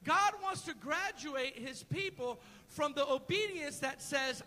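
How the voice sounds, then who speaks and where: A man's voice: extremely high pitch, animated, normal speed, few pauses, pushed and bright, big-room sound, rough recording. A man preaching a sermon as pastor in a church, emphatic and repetitive, calling on the congregation to answer back. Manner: emphatic call-and-response preaching.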